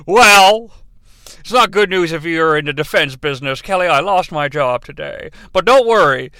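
A man doing a halting, folksy old-movie dad. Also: on the high side, lively intonation, sharp tone, smooth, no room sound. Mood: reassuring. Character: folksy drawling out-of-work father.

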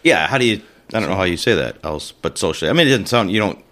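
A middle-aged man co-hosting a podcast, chatting casually and joking over cocktails in an animated way. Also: low voice, quick pace. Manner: animated, joking, trails off mid-sentence. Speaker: podcast co-host.

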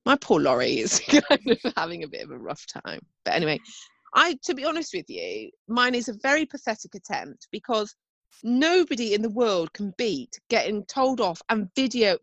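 A chatty woman tells stories in a casual co-hosted talk and readily mocks herself. Her voice sits at a middle pitch. The recording is dry and close, with no room sound around her. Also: very animated, moderate pace, fairly bright tone, dry recording, highs cut off. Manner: chatty storyteller, self-mocking, swears casually. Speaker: podcast co-host. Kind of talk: casual chat.

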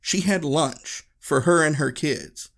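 Podcast host, male, gravelly, laid-back storyteller with a reflective delivery. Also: fairly high pitch, takes it slowly. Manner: relaxed, conversational, reflective.

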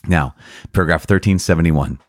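Deep-voiced earnest priest teaching. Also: male voice, fairly quick, dry recording, clean studio sound. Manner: earnest, enthusiastic, with frequent restarts and repetitions. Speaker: priest podcast host. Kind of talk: catechism commentary.

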